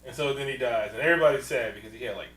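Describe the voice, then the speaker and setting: A man co-hosting a podcast, casually recapping a movie, loud, swearing freely and acting out scenes, laughing often. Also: medium pitch, very fast, echoey room, far from the mic, soft background music, low-quality recording. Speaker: podcast co-host.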